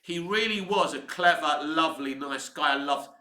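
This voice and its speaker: A man's voice: on the high side, moderate pace, bright, forceful tone, echoey room. A man, talking casually and enthusiastically about films in a rambling way. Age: 50s. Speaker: film commentator. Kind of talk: casual film commentary.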